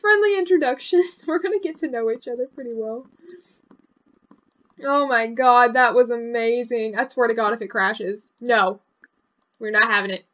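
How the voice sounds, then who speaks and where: A young woman giving casual, excitable commentary over a video game, often breaking into laughter. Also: a little high, normal speed, muffled recording. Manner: giggly, excitable, shrieks with laughter. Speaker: gaming vlogger.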